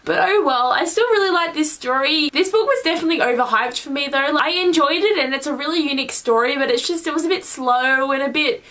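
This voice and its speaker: A woman's voice: sits high, fast, hardly any pauses, fairly bright tone, far from the mic. A young woman vlogging her monthly reading wrap-up in a rambling, gushing way, full of "like". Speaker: book vlogger. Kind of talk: casual monthly book wrap-up.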